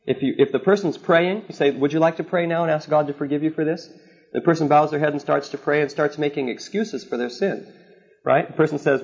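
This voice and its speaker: A man's voice: a little high, a little fast, darkish tone. A man teaching a sermon in an earnest, repetitive way, often checking in with "okay?". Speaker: preacher teaching on counseling. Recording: slightly dull lo-fi recording.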